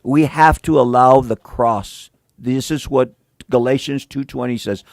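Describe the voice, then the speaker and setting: A male pastor preaches in a casual, slang-sprinkled way, moving between emphatic lines and hushed ones. His voice carries a gravelly, fried edge. The sound is close and dry. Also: mid-range voice, measured pace, dry recording. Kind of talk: sermon.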